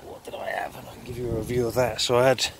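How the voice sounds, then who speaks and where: A man's voice: mid-range voice, level tone, quick pace, vocal fry, fairly bright tone, a little hiss or hum. Chatty man vlogging outdoors. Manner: chatty, storytelling, frequent fillers. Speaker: motorcycle camping vlogger. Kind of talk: casual vlog to camera. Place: outdoors at a moorland campsite in winter.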